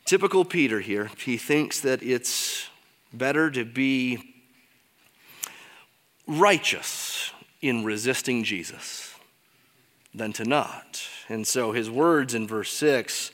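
A pastor preaching a sermon, emphatic at times and dropping to quiet asides. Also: male voice, slow, long pauses, long reverb tail. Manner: expressive, swings between emphatic peaks and quiet low asides.

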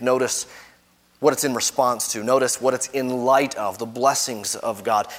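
A man preaching a sermon, reading scripture aloud and explaining it, his voice climbing for quoted lines and falling soft at the ends of phrases. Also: mid-range voice, fairly even intonation, unhurried. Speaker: pastor. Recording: long hall reverb.

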